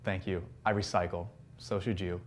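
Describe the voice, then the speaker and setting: Guy doing a stiff preachy dude, lower voice, going point by point. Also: level tone, close to an everyday voice. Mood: lecturing. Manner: deliberate, point-by-point.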